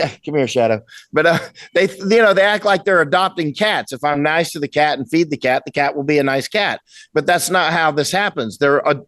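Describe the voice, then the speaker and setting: A man's voice: on the high side, fairly bright tone, dry recording. A man in his sixties, a guest in a casual interview, talking bluntly and emphatically at home. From United States. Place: at home with a cat.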